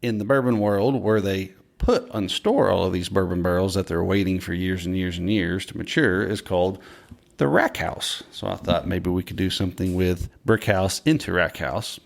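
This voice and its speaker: Gravelly, low-voiced man in his forties. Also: normal speed. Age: 40s. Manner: playful, jokey, rambling with fillers. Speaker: podcast guest. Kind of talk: casual podcast chat.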